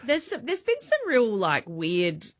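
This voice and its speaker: A woman co-hosting a breakfast radio show, lively and quick to react. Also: on the high side, no room sound, studio quality. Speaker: radio host. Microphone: studio mic.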